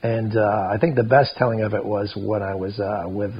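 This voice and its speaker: A man's voice: lowish voice, fairly even intonation, normal speed, dull audio, a little hiss or hum. A middle-aged man, a podcast guest, telling a rambling story full of quoted back-and-forth. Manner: rambling, retells scenes with quoted dialogue. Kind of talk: casual storytelling.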